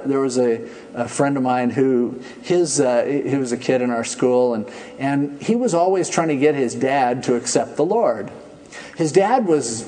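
A man preaching a sermon in a conversational, animated storytelling manner. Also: medium pitch. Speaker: pastor.

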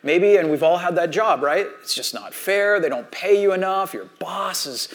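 Male speaker, high-pitched, rambling storyteller, uses personal anecdotes to make a motivational point. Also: animated, moderate pace, fairly bright tone. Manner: chatty storytelling, many "like" and "you know" asides. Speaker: speaker addressing an audience.

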